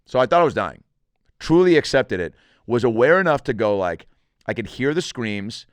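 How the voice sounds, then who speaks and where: A man's voice: mid-range voice, sing-song, moderate pace, dry recording. A middle-aged man, a comedian hosting a podcast, telling a story in casual, profane fashion and acting out the quotes.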